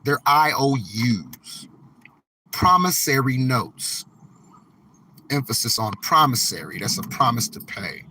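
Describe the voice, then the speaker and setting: A man hosting a live stream from a vehicle, talking to his chat in a slow, emphatic, preachy way and dragging out key words. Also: mid-range voice, sing-song, bright, forceful tone, a little hiss or hum. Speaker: livestream host.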